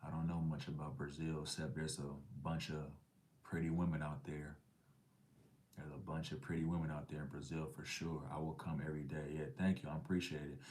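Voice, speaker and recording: A middle-aged man with a very low voice hosts a casual livestream. He reads out chat messages in a laid-back, slangy way and now and then drops to a whisper for an aside. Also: flat delivery, a little fast, darkish tone. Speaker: livestream host reading chat.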